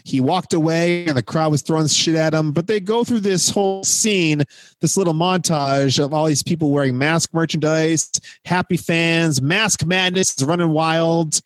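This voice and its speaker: A man hosting a movie-review podcast, walking his co-hosts through scenes and tossing in jokes. His voice sits a little high, and the close mic leaves it dry. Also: moderate pace, no echo. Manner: recaps scenes playfully, cracks jokes. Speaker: podcast host.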